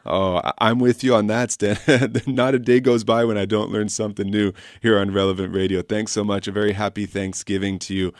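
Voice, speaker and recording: A raspy-voiced priest guiding a call-in radio show with gentle, pastoral reassurance. His voice sits on the low side, and the studio sound is close and dry, with no room around it. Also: steady tone, normal speed, few pauses, dry recording.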